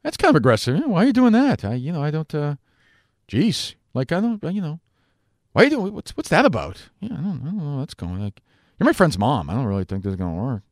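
A man's voice: fairly high pitch, sing-song, fast talker, no echo, studio quality, pitched above the performer's own voice. A man impersonating a flustered, nervous young man who stammers in confusion. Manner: stammering, rising and bewildered.

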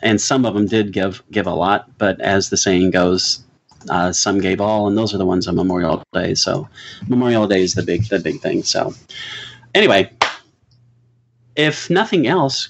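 A man's voice: lowish voice, moderate pace, gravelly. A middle-aged man co-hosting a podcast, chatting casually and earnestly about old films and laughing easily. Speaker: podcast co-host. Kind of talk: casual chat about movies.

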